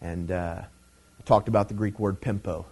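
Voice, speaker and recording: A man's voice: low-pitched, fairly even intonation, normal speed, darkish tone, husky. A middle-aged man preaching a Bible teaching sermon in a conversational way, with many fillers, swelling into emphatic stresses.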